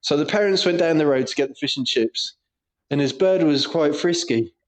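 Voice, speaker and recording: A man's voice: on the high side, moderate pace. A man co-hosting a podcast, telling crude stories in casual banter and laughing often. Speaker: podcast co-host.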